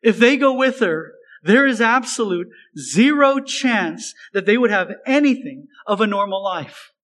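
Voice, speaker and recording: A man's voice: sits high, lively intonation, a little slow, a bit bright, low-quality recording. A man preaching a sermon as a pastor, earnest and emphatic, repeating phrases for stress.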